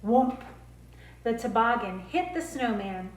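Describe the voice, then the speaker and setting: Lady reading kids books out loud, slow and clear, fairly high, echoey room. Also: a little hiss or hum. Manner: slow, clear, expressive read-aloud. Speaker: speech therapist. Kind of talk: reading picture books aloud to children. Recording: roomy echo.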